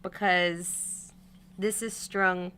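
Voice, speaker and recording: Bright chatty woman hobby vlogger. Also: on the low side, little pitch movement, very slow, slight background noise. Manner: chatty, narrating her hands-on work, frustrated exclamations. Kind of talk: casual livestream chat while restringing a doll.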